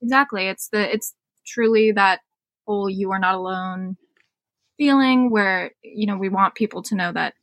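A woman's voice: mid-range voice, moderate pace, dry recording. Affirming young woman host, dry sound. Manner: warm, affirming, many fillers. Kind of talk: casual interview chat.

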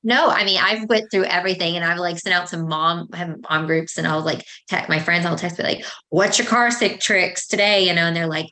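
A woman's voice: on the low side, fairly quick, few pauses, sharp tone. A woman in her thirties hosting a podcast, chatting casually and acting out exchanges with her kids. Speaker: podcast host. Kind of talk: casual chat.

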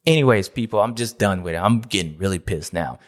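A man's voice: lowish voice, expressive, fairly quick. A man hosting a motocross recap show, ranting in a playful, self-mocking, grumpy way. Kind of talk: casual ranting commentary.

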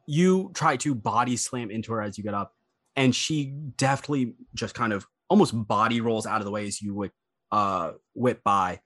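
A man running a tabletop role-playing game, describing the action in a loose, unhurried way with plenty of pauses and self-corrections. His voice sits a bit low for a man. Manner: relaxed, rambling, with frequent ums and self-corrections. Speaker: game master.

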